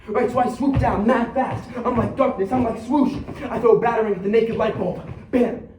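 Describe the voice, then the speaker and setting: A man's voice: very high-pitched, fairly even intonation, normal speed, noisy background. An actor on a theater stage playing a streetwise young man who believes he is Batman, talking in slang and acting out fights with sound effects. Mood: excited. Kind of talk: theatrical monologue. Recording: echoey stage recorded from far off.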